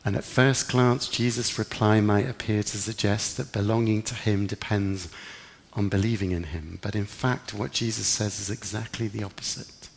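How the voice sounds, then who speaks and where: A man's voice: fairly low pitch, steady tone, moderate pace, vocal fry, in a large hall. A man preaching a sermon in an earnest, reflective way, lifting his voice for emphasis. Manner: earnest, reflective, rising with emphasis in quoted prayers.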